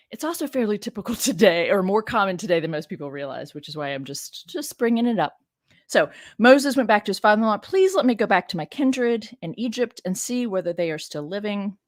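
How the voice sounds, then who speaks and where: A woman's voice: fairly low pitch, dry recording, clean studio sound. A woman scholar reading scripture aloud and commenting in a chatty, digressive way, with frank asides and rhetorical questions to her listeners. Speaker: biblical scholar and teacher.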